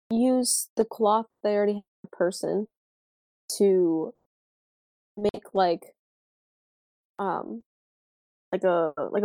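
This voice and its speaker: A woman takes part in a tabletop game over an online voice call. She speaks hesitantly and searches for her words. Her voice sits at a middle pitch and sounds dry and close, with no room around it. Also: warm tone, no echo, rough recording. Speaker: player.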